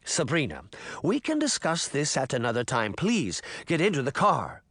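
A man's voice: a little high, huge pitch swings, normal speed, a bit bright, dry recording, exaggerated voice. A man voicing an anxious, doting old woman who pleads and warns. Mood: pleading. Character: urgent, doting old woman with a slight German touch.

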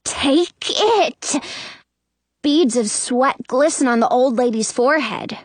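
A woman reads a children's story aloud in the first person, with a lively, sassy tone. Her voice sits high, and the close mic catches it dry, with no room sound at all. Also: moderate pace, no room sound. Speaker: audiobook narrator.

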